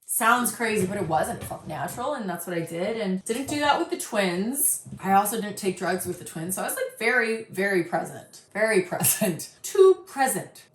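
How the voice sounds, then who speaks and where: A woman's voice: lowish voice, echoey room, slight background noise. A woman in her thirties giving casual reaction commentary, blunt and sarcastic, swearing freely and telling personal stories. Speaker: reaction video host.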